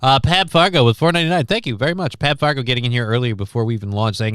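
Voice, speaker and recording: A tired, short-of-breath man hosts a casual livestream, rambling, interrupting himself, and reading the chat aloud. His medium-pitched voice races along with a slightly bright, clean tone. The studio sound is clean, with no echo.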